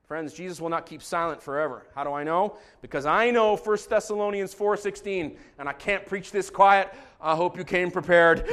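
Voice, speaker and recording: A male pastor preaching a sermon to his congregation, dramatic and shifting between hushed, quiet stretches and loud, shouted passages. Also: sits high, normal speed, few pauses.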